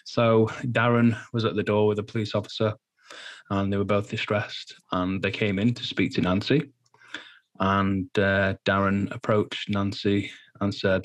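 A man giving a personal interview testimony in a halting, earnest way, full of fillers and restarts, sounding nervous. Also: sits low, flat delivery. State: nervous, anxious while speaking. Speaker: guest.

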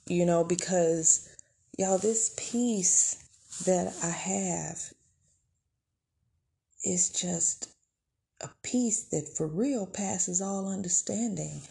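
Slow gravelly woman, warm and mellow. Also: fairly low pitch. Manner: encouraging, conversational, faith-filled. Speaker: podcast host. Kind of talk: motivational casual monologue.

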